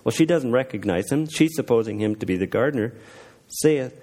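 A man giving an informal devotional talk. He reads scripture aloud and reflects on it in an earnest, unpolished way, with frequent pauses and fillers. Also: mid-range voice, dark tone. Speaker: lay speaker sharing a devotional.

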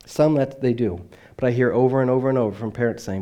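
An earnest male missionary preacher delivering a sermon at a mid-range pitch. He tells personal stories with conviction, pushing some lines out loudly and letting others fall almost to a murmur. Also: expressive, a little fast, hardly any pauses. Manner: swings between loud emphatic lines and quiet dropped endings. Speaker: missionary speaker.

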